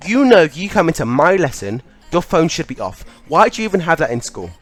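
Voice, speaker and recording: A man's voice: a little high, big pitch swings, fairly quick, soft background music. A young man voicing an indignant female substitute teacher who scolds her class. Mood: scolding.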